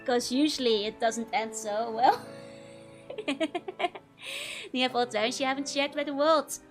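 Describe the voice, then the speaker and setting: Young woman, streamer, casual chat, giggles a lot, slightly high voice. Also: fairly even intonation, a little slow, faint music behind. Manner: giggly, laughs often between phrases.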